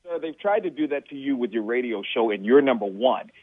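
A man's voice: medium pitch, lively intonation, fairly quick, slightly rough, no echo. A man calling in to a radio show, earnest and pleading, stumbling over his words. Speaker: caller. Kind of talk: call-in radio plea. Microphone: telephone. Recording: tinny phone line.

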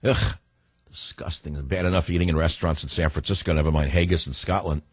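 A man's voice: rumbling low, steady tone, brisk, no echo. A man hosting a talk radio show, rambling sarcastically through a loose monologue.

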